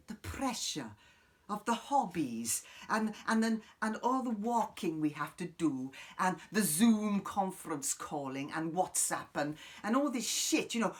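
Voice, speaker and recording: A high-pitched male comic hosts as an eccentric middle-aged guru woman, improvising a monologue straight to camera. The talk is profane and meandering, swinging between abrupt loud bursts and quiet asides.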